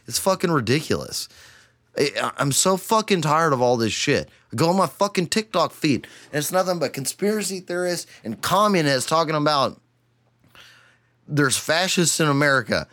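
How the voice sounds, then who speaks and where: A young man from Texas hosting a solo podcast, ranting with heavy swearing and then sinking into a tired, low murmur. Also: animated, moderate pace, pushed and bright. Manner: profane, heated ranting that cools to a weary murmur. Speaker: podcast host.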